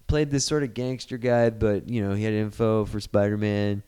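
A man's voice: on the low side, level tone, moderate pace, dark tone, clear, resonant tone. A man in casual podcast chat reviewing a movie, retelling scenes animatedly and swearing freely.

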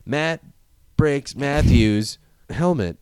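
A man's voice: medium pitch, animated, extremely slow, a little mellow, clean tone, dry recording, clean studio sound. A young man in casual chat, retelling a movie in a rambling, profane way and acting out the characters.

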